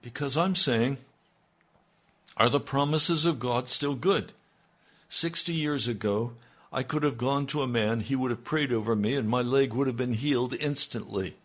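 An older man preaching on the radio as a pastor, earnest and reflective, his voice sinking low at the ends of thoughts. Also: a bit bright. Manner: slow, earnest, dropping to near-murmurs. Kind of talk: radio sermon.

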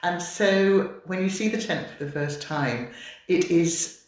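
A woman's voice: on the low side, measured pace. An older woman, a retired midwife, eagerly telling her story as an interview guest and laughing often. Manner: gushing, warm-hearted, laughs often. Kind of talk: enthusiastic conversational storytelling. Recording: very echoey room.

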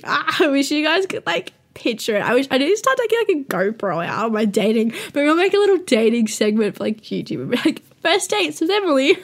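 A woman's voice: high voice, fairly bright tone. A young woman hosting a show, telling rambling, self-mocking stories to listeners in a casual, profane way and laughing often.

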